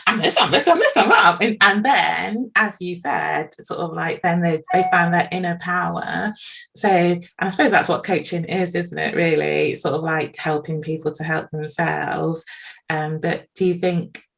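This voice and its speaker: Low, gravelly woman host. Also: level tone, a little slow. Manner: chatty, hesitant, many fillers and restarts. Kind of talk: casual interview chat.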